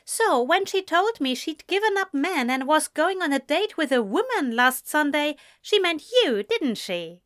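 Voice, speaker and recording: A woman's voice: high voice, big pitch swings, measured pace, few pauses, a bit bright, pitched above the performer's own voice, exaggerated voice. A woman reading an audiobook, voicing a fussy, dry-witted male teacher with a prim, teasing manner. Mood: wry teasing.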